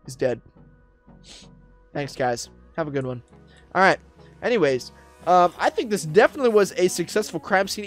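Excitable male gamer, high voice, rambling roleplay commentary, faint music behind. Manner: excitable, barking commands, rambling with fillers. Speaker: roleplay YouTuber.

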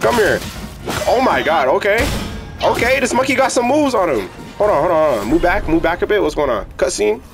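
A young man streaming a video game, reacting with excitable jokes, casual commentary and sudden loud outbursts. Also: high voice, a little fast, vocal fry. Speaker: gaming streamer. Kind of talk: casual let's-play commentary. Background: game music.

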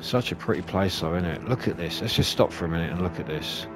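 A man commentating his own gameplay, swearing and shouting at enemies as he plays. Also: sits low, fast talker. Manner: sweary, excitable, talks to enemies. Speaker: gaming YouTuber. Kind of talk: let's play commentary. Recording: game music behind voice.

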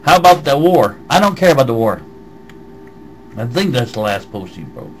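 A man's voice: medium pitch, very animated, moderate pace, a little hiss or hum, poor audio. A man with a slight Southern American accent, ranting on a vlog and reading out comments in a heated, swearing voice. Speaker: vlogger. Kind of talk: angry vlog rant answering comments.

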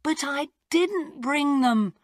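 A woman voicing a panicked young man loudly protesting his arrest, in a story read for English learners. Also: lively intonation, takes it slowly, no room sound, studio quality. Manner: high, loud protesting cries.

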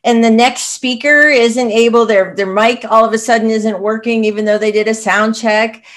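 A woman's voice: fairly high pitch, steady tone, normal speed. A woman hosting an interview, summing up points and then asking the next question in an affirming way. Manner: affirming, sums up then asks. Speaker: interviewer and show host.

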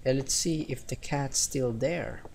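A man's voice: medium pitch, a little slow, vocal fry, a little mellow, slight background noise. A man from the Philippines casually commentating a game, chatty and giggly, reading the game's text aloud. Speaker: gaming let's-player.

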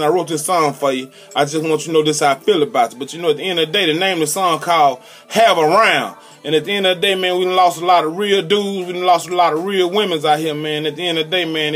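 A man, hosting a casual live radio show and shouting out his hype intros. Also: on the high side. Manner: hyped, shouting call-outs and shout-outs. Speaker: radio host.

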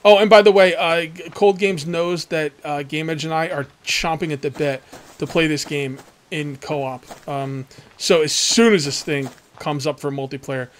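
A man's voice: a little high, fairly even intonation, moderate pace, slight background noise. A man hosting a let's play, giving casual, rambling gameplay commentary and talking straight to his viewers.

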